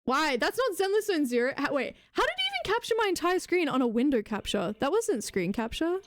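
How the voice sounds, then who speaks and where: Woman streamer, high voice, swooping pitch, rambling, swearing, self-mocking, faint music behind. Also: big pitch swings, fairly quick. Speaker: live streamer. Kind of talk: casual live-stream chatter.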